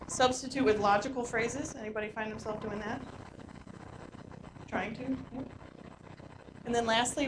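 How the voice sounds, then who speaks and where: A woman leading a teacher workshop, lively and quizzing the audience with questions in a large room. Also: fairly high pitch. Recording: echoey room, noisy live recording.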